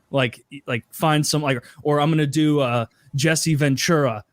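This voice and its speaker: A man's voice: fairly high pitch, steady tone, measured pace, no echo. A man co-hosting a podcast, chatting casually in a rambling way full of fillers. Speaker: podcast co-host. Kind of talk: casual chat.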